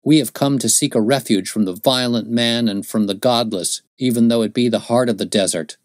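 A man's voice: mid-range voice, brisk, no echo, studio quality, voice pushed up, natural voice. A man voicing a stern, zealous young male pilgrim in an audiobook, speaking in a fervent, solemn preaching tone. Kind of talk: audiobook character voice.

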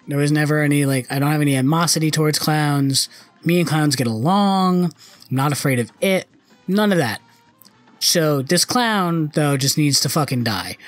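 A young man commenting on his own gameplay, frustrated and cursing often. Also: fairly high pitch. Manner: frustrated, swearing, muttering.

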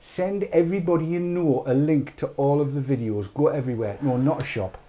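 A man's voice: on the high side, fairly quick, dark tone. A British man hosting a live online chat show, rambling and urging viewers on with jokey asides. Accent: British English.

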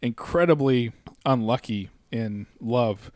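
A man's voice: medium pitch, slow, a little mellow, dry recording, clean studio sound. A man co-hosting a casual podcast chat, rambling and agreeing a lot. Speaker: podcast co-host.

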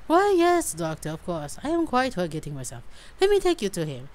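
A woman's voice: lowish voice, huge pitch swings, brisk, darkish tone. A woman voicing a flustered older female housekeeper in a game, fussy and apologetic.

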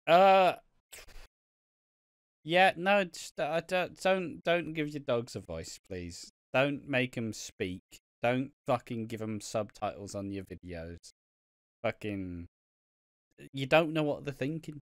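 A man's voice: medium pitch, takes it slowly, smooth, no room sound, studio quality. A man co-hosting a podcast, talking in a grumpy, blunt and sweary way in casual chat. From Britain. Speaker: podcast co-host.

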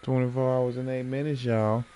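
A man streaming games, telling stories in a profane, animated way and laughing often between lines. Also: medium pitch, normal speed, a little hiss or hum. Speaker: gaming livestreamer. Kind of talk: casual livestream commentary.

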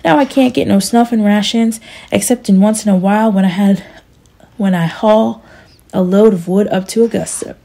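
Self-pitying old farmer, read by a woman, pleading, husky and gravelly. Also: medium pitch, normal speed, dark tone. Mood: complaining. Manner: pleading, complaining delivery. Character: aging male poor farmer, self-pitying and whiny.

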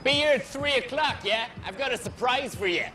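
An actor playing a wild, excitable young Irish schemer who barks orders at his mates. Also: very high-pitched, a little fast, soft background music, full character voice. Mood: excited. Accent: Irish, Mayo. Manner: hyper, bossy, shouting orders.

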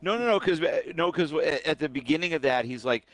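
A man's voice: fairly high pitch, lively intonation, fast, a bit bright. A young man in casual gaming chat with friends, rambling and laughing as he tells a story over headset voice chat. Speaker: gamer.

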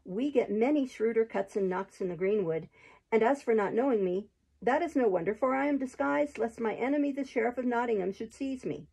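A woman's voice: on the high side, brisk, gravelly, warm tone, husky, rough recording. A woman reading aloud, voicing a confident, good-humored male outlaw leader in a storybook. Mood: warm.

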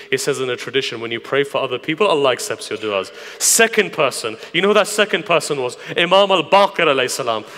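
A man preaching a grieving, impassioned mourning sermon, moving from hushed asides to loud lament in a large hall. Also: high-pitched. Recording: long hall reverb.

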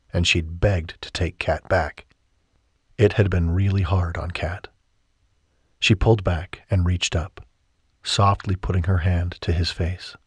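A man narrating a romance audiobook in a calm, measured and soft manner, on a close studio mic. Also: deep voice, slightly rough, no room sound. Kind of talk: scripted narration.

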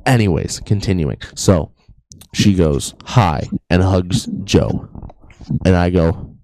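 A man's voice: low voice, slow, dark tone, slight background noise. A young man co-hosting a podcast, telling a rambling story in a casual, joking way. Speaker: podcast co-host. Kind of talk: casual chat.

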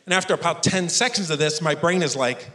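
A man in his fifties doing live stand-up comedy on stage, animated and self-mocking. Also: on the high side, quick pace. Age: 50s. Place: stage before a live audience. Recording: echoey stage room with audience.

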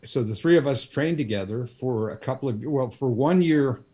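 A man in his sixties, a guest on an interview show, telling unhurried anecdotes with plenty of ums and you-knows. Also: mid-range voice, mellow. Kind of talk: storytelling in a casual interview.

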